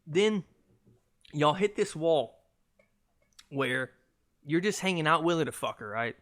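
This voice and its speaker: A young man holds forth on his own podcast in a casual, rambling rant. His voice sits a touch high for a man, and he talks in an animated, joking way, swearing freely. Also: unhurried. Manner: profane, animated, jokey. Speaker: podcast host.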